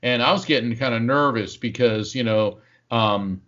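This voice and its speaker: Male psychic guest, lively storyteller, mid pitch, slightly muffled audio. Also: moderate pace. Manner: animated storyteller, acts out quotes, frequent fillers. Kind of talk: anecdotal storytelling in conversation.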